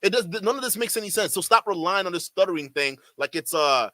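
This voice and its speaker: Quick and animated, a man with a high-pitched, slightly bright voice rants through a streamed reaction to a clip, with no echo on the audio. He mocks others with exaggerated imitations, and a slight stutter shows up at times in his heated commentary.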